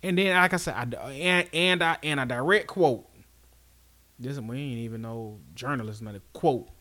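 Man, podcast co-host, mid-pitched voice, blunt scolding rants. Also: moderate pace, bright, forceful tone. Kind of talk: casual sports chat.

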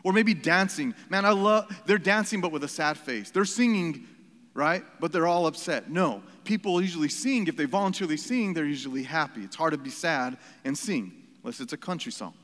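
A man's voice: on the high side, lively intonation, brisk, fairly bright tone. A man preaching a sermon as pastor, earnest and emphatic, repeating phrases and stopping for asides. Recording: reverberant hall.

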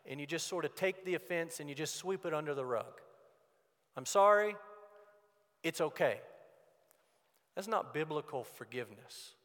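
A man's voice: on the high side, a little fast, hardly any pauses, fairly bright tone. A man preaching a sermon as pastor, in an earnest, conversational way. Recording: long church hall reverb.

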